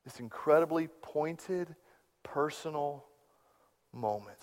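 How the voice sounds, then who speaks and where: Man, pastor, high voice, sermon, long hall reverb. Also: animated, takes it slowly. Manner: storytelling, swings from hushed to loud.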